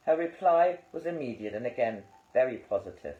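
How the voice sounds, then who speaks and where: A man reading an audiobook aloud in a calm, measured way. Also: mid-range voice. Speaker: audiobook reader. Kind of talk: audiobook narration. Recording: roomy, slightly dull recording.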